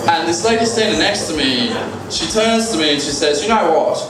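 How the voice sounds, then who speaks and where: A brash man tells a profane stand-up story with a fairly high voice that swings up and down. He sounds far from the mic in a very echoey room, with loud noise behind him. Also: animated, a little fast, over a noisy crowd. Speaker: stand-up comedian. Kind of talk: stand-up routine.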